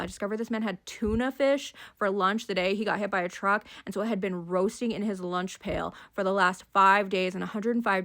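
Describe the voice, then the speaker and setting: Fast talking lady in her 30s, bright sharp voice, dry sarcastic storytime on her phone. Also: mid-range voice. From Idaho, US. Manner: sarcastic, deadpan punchlines. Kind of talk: casual storytime monologue.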